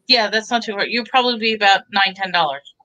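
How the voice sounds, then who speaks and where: A woman pitching bargains on a live stream in a chatty, bubbly way. Her voice is bright and forward, and she keeps talking up each deal as she shows the items. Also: quick pace, dull audio, slight background noise. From Texas. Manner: chatty, bubbly, pushes deals. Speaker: seller on a live online auction.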